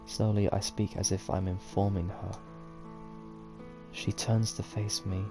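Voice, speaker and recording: A man with a fairly low voice reads a game's story text aloud, taking his time over every line. He speaks at an unhurried, deliberate pace. Soft game music plays faintly behind him. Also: flat delivery. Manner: slow, measured reading of game text with occasional sworn reactions. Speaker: gaming video host. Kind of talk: reading a visual novel aloud.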